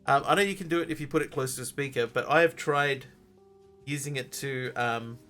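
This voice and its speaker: A man's voice: mid-range voice, a little fast, sharp tone, soft background music. A man streaming a game live, chatting casually in a rambling way with lots of ums and restarts. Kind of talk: casual live-stream chat while playing.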